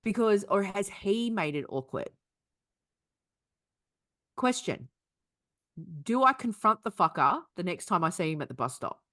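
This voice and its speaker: A young woman tells a story on a casual podcast, swearing freely as she goes. Her pitch swings widely and expressively, in a relaxed conversational tone. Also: measured pace, pauses often. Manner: animated, profane storytelling. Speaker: podcast co-host. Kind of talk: casual chat.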